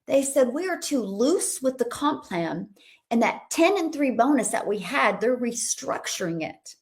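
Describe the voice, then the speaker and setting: A middle-aged woman coaching her audience on a livestream, with an enthusiastic, motivational energy. Her voice sits a little high, and she bubbles over as she speaks. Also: very animated, measured pace. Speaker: online business coach hosting a livestream. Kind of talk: upbeat livestream talk reading viewer comments.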